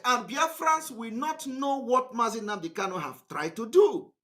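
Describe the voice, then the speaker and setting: A man with a Nigerian accent speaks on a live online broadcast in a high, bright voice that swings widely in pitch. He is emphatic and defiant, hammering points home through repetition. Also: lively intonation, measured pace, few pauses. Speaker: activist broadcaster.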